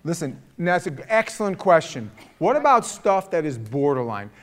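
A middle-aged man leading a casual parenting talk to a group, telling stories in a lively, animated way. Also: on the high side, moderate pace.

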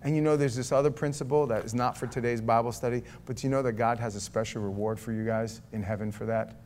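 A man preaching at a Bible study in a folksy, conversational manner. He reads scripture aloud and comments as he goes. He drops into quiet asides, then rises to loud, emphatic stretches. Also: mid-range voice, fast, slight background noise. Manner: folksy, animated, swings from soft asides to loud emphatic reading. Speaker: pastor leading a Bible study. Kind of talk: conversational sermon.

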